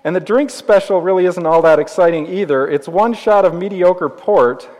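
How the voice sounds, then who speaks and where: A man's voice: high-pitched, normal speed, a little mellow. A middle-aged male pastor preaching a sermon in a church, playful and conversational, with jokes. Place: church sanctuary. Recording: long reverb of a church hall.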